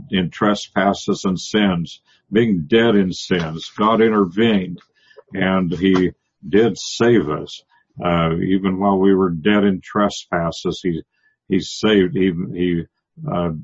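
A man teaching a Bible passage verse by verse, pausing often and restarting, explaining the Greek words. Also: low voice, slightly rough, dull audio. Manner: halting, many restarts and fillers, explains Greek word by word. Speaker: preacher.

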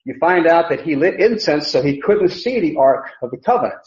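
A man's voice: a little high, expressive, a little fast, a little mellow. A man teaching a verse-by-verse Bible lesson, emphatic, repeating key phrases and often restarting sentences. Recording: echoey room, dull lo-fi sound.

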